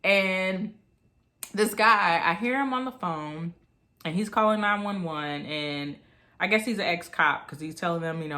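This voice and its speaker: A woman in her thirties telling a personal story in a chatty, animated vlog style. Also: lowish voice, normal speed. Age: 30s. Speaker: vlogger.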